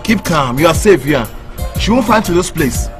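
A bold, reassuring protector, played by an actor. His fairly high voice is very lively, with faint film music behind. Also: normal speed, close to an everyday voice. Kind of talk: Nollywood film acting. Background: soft film music.

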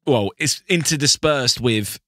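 A man's voice: medium pitch, measured pace, fairly bright tone, dry recording, clean studio sound. A British man co-hosting a podcast, chatting casually with frequent restarts. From Britain. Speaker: podcast co-host. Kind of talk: casual chat.

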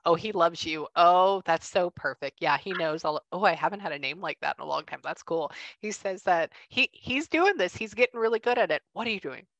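A woman working as a medium, chatting casually and relaying messages in quick bursts, acting out what she is shown. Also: fairly low pitch, lively intonation, a bit bright, no echo, highs cut off. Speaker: psychic medium. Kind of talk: casual reading session.

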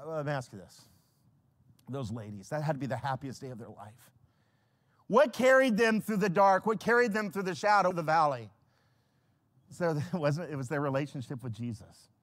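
Pastor, male, lively storytelling preacher, slightly high voice, big swings from quiet to shouting. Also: fairly quick. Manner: animated, swings from hushed to shouting when quoting scripture; storytelling, acts out biblical characters with humor. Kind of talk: sermon.

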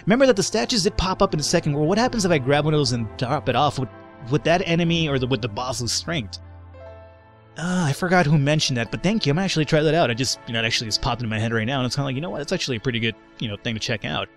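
A man giving casual commentary on a strategy game, quick to get frustrated and swearing often. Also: mid-range voice, lively intonation, faint music behind. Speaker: let's play gamer.

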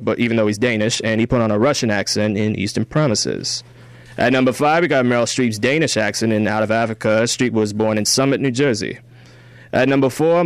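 A young man co-hosts a campus radio film show, casually reviewing and counting down a list. His voice is smooth and clear, and the studio sound is close and dry. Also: mid-range voice, no room sound. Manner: easygoing, filler-heavy. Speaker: radio co-host. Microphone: studio microphone.

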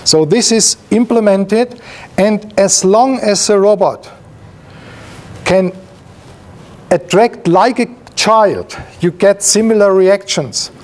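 Speaking slowly in a high-sitting voice, this man is a professor giving a seminar lecture. He gestures at his slides while explaining and keeps restarting and filling pauses.

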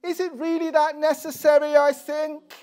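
A man's voice: extremely high pitch, level tone, moderate pace, mellow. A middle-aged man preaching a sermon, earnest and posing rhetorical questions to the congregation.

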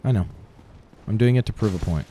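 A man's voice: fairly low pitch, brisk, warm tone, a little hiss or hum. A man co-hosting a casual gaming stream, commenting bluntly and swearing often as he plays. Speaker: gaming channel co-host.

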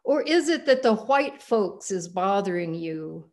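A woman's voice: medium pitch, lively intonation, a little slow, a little mellow. A woman reading aloud in a sermon, voicing a steadfast, motherly elderly woman who speaks plainly and reassuringly. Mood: tender, insistent.

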